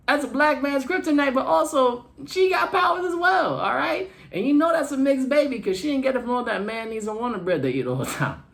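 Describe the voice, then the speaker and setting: A man's voice: high-pitched, creaky, fairly bright tone. Brash, slangy male stand-up comic. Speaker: stand-up comedian. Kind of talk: stand-up set for an online show.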